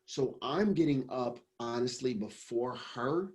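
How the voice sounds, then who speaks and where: A business coach talks casually in an interview, rambling and restarting his sentences. He is a man with an ordinary middle pitch. His talk is relaxed and loose. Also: unhurried. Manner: rambling, many restarts and fillers. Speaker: business coach and company founder.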